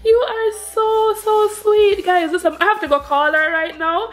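A young woman with a high voice talks through an unboxing in a casual vlog. She gushes, sounds emotional and breaks into laughter easily. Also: normal speed, few pauses, a bit bright. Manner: gushing, emotional, laughs often. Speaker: family vlogger, mother.

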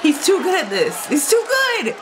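Excitable woman reacting, very lively pitch. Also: normal speed, heavy background noise. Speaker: reaction video host. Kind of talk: casual reaction chat. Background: loud crowd from the show playing.

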